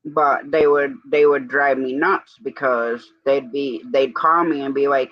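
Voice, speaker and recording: On his livestream, this man chats casually and spins long, wandering stories, relaying conversations with "I said." He has a mid-range, steady voice at a measured pace with hardly any pauses, and the recording is dry and muffled.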